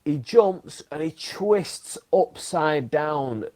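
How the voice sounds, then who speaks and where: A man hosting a podcast, telling stories in an animated, emphatic way and throwing in the odd swear word. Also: fairly high pitch, drawn-out words. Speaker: podcast host. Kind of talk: casual chat.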